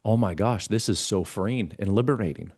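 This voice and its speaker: This is a podcast guest, a man whose fairly low, slightly mellow voice carries a breathy edge at a moderate speed. He recounts his story with earnest feeling, acting out conversations between himself and a mentor. It's studio quality, with no echo.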